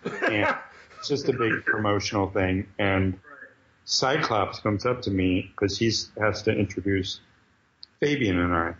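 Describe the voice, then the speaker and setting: A man's voice: lowish voice, measured pace, slight background noise. Lo-fi man telling a jokey story. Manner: animated anecdote teller, jokey. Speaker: guest, comic book writer. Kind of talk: casual interview storytelling.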